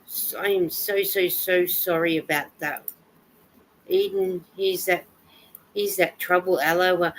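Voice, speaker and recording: A woman with a slightly low voice hosts a casual live chat from home while she knits. She greets each viewer by name, reads their comments aloud and answers in a chatty, sympathetic way. Faint room ambience sits behind her voice. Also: fairly even intonation, a little slow, a little hiss or hum, rough recording. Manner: chatty, with soft sympathetic asides. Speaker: livestream host.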